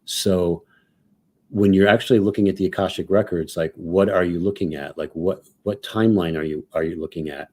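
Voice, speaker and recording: A man's voice: low voice, fairly even intonation, fairly quick, warm tone. A man on a panel discussion call, talking casually and thinking aloud with many "like"s and "so"s. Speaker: panel regular.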